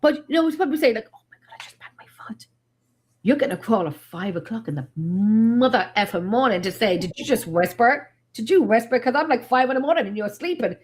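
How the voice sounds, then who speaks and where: A woman's voice: fairly high pitch, fairly quick, hardly any pauses, slightly rough. A middle-aged woman chatting on a paranormal panel, telling blunt, joking stories with lots of emphasis. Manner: animated, emphatic storyteller with blunt jokes. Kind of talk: casual panel chat.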